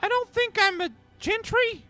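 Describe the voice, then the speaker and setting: Brief: high squeaky mock-British bumbler, as a man puts it on, faint music under. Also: normal speed, pushed and bright. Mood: bumbling. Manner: hesitant, stumbling, overdone. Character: confused bumbling male wanderer.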